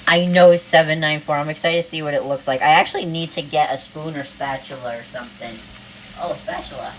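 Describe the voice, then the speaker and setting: Bubbly East Coast woman, lowish voice, cooks live while chatting to her viewers. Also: steady tone, fairly quick, slight background noise. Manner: bubbly, greets viewers one after another, says "oh my God" often. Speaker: livestreamer cooking while greeting viewers. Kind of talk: casual livestream chat.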